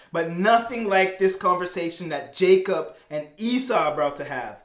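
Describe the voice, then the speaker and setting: A man's voice: high voice, a bit bright. Man, youth pastor type, casual slangy storyteller, echoey room. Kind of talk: casual Bible lesson.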